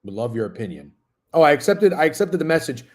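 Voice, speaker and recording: Fast and very animated, with a voice on the high side, a man in his thirties runs a sports betting stream. He reads out chat messages and rambles profanely, sometimes with his mouth full.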